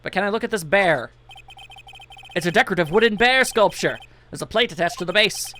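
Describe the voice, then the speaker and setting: A man riffing through a video game with jokey, casual commentary, reading lines aloud as he goes. His voice swings around lively and sounds bright and forceful. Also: high-pitched, brisk. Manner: jokey, reads on-screen text aloud. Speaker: let's play commentator.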